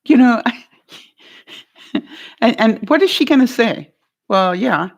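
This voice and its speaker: A woman's voice: a little high, animated, takes it slowly, creaky. Laughing, encouraging woman giving life advice. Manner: encouraging, often checks in with "all right?"; laughs often, playful. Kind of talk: coaching talk to a guest.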